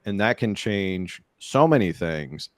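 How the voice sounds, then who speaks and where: A man hosting a casual political podcast, relaxed and joking, often restarting his sentences. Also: sits low, slow pace, no room sound. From San Diego, California. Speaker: podcast host.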